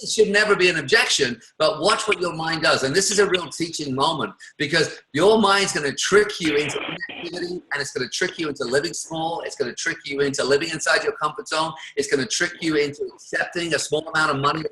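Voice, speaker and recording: A man giving an energetic motivational talk to people on a call. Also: on the high side, fast, few pauses, echoey room, poor audio. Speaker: guest speaker.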